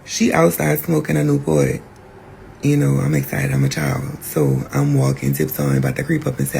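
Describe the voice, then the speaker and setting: A podcast host telling a personal story in a candid, profane, animated way. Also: male voice, on the high side, moderate pace, creaky, a little hiss or hum.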